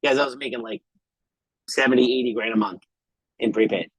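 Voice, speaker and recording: A man's voice: mid-range voice, steady tone, brisk, fairly bright tone, slightly rough, dry recording, poor audio. A middle-aged man giving an emphatic, motivational talk on a group call about building a sales team, often repeating himself and checking in with "okay?". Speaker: network marketing leader speaking on a group call.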